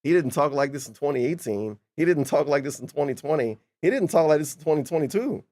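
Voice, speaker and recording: A man's voice: a little high, expressive, fast, a little mellow. A man streaming a casual reaction commentary, sarcastic and incredulous, swearing freely as he mocks the clip.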